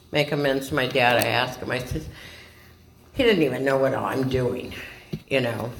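Animated woman telling a dramatic story. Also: very deep voice. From California. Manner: animated, dramatic storyteller who acts out quoted voices. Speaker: speaker sharing a recovery story. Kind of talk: personal storytelling to a group. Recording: echoey room with background noise.

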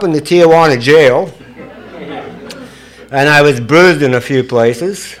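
A man's voice: fairly high pitch, slow, pauses often. A man from Scotland with a Scottish accent, telling his life story to a recovery meeting in a profane, joking way. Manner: profane, joking, chuckling at his own stories. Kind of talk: confessional storytelling to an audience.

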